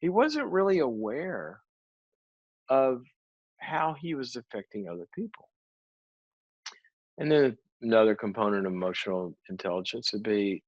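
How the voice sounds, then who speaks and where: Man, conversational teacher, lively storytelling, dry close sound, a bit muffled. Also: mid-range voice, no echo. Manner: animated storyteller, acts out quoted dialogue. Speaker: psychologist and speaker.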